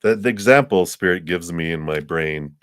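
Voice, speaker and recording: A man's voice: low voice, moderate pace, fairly bright tone, smooth, no echo, clean studio sound. A man giving a live tarot card reading in a casual, chatty way, laughing often and acting out little scenes. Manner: acts out little scenes in quoted voices.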